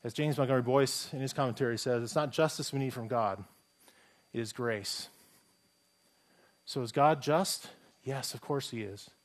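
A man's voice: mid-range voice, moderate pace. A man preaching a sermon as a pastor. He speaks conversationally, poses rhetorical questions and often restarts his phrases.

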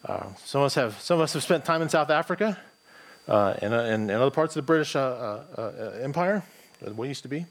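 A man's voice: mid-range voice, expressive, fast talker. A man with a plain American accent, a pastor preaching a morning sermon in a conversational, thinking-aloud way with frequent restarts. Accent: General American.

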